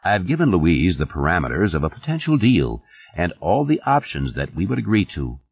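A man voicing a smooth, ingratiating corporate executive in an audiobook reading. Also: sits low, big pitch swings, normal speed, full character voice. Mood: soothing. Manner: soothing, glib. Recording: dull lo-fi audio.

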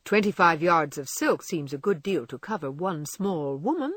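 A woman doing a quiet, dry young husband. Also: on the low side, sing-song, normal speed, husky, no room sound, full character voice. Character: young husband, good-humoured but hurt.

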